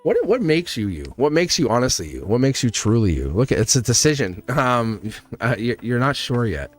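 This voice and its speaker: A middle-aged man hosting a live tarot reading, rambling and upbeat, his voice hoarse and cracking. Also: medium pitch, very animated, moderate pace. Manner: rambling, upbeat, repeats himself. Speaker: tarot reader and host.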